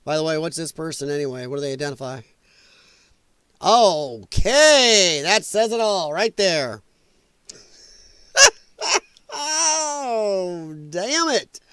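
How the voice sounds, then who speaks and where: This man's high-pitched, expressive voice moves at a slow pace with frequent pauses, clear and resonant on a dry recording. He's a US Midwest livestream host at home, a dog nearby, loudly reacting to viewer comments with plenty of swearing and laughter.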